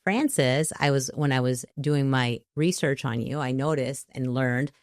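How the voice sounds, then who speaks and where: Low-voiced, effusive woman host. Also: a little slow, no room sound, studio quality. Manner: effusive, laughs often, trips over her words. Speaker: interview host. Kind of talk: casual interview chat.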